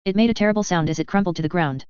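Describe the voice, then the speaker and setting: Clear, low-voiced woman reading a novel. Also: racing, darkish tone, no room sound. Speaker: audiobook narrator. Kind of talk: first-person novel narration. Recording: slightly dull, dry close recording.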